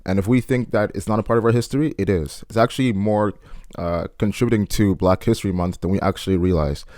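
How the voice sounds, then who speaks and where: A man speaking on a podcast, explaining a subject in an earnest, measured way and introducing the quotes he reads. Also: on the low side, a little mellow, no room sound, clean studio sound.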